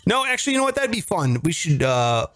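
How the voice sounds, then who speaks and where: A man's voice: high-pitched, sing-song, fast, fairly bright tone. A man in his thirties hosting a casual podcast, joking and teasing his co-hosts in banter. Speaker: podcast host.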